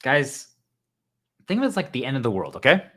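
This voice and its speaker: A man speaks straight to his viewers in a loose, rambling monologue. His voice sits at an ordinary pitch with a bright edge. He sounds earnest and keeps calling his audience guys. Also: big pitch swings, a little fast. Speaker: spiritual vlogger.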